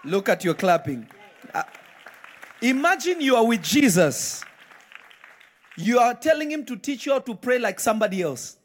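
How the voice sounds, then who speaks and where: A man's voice: extremely high pitch, big pitch swings, moderate pace, pauses often, some chatter behind, slight background noise. A man preaching a live sermon in church, emphatic and firing repeated questions at the congregation. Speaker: pastor.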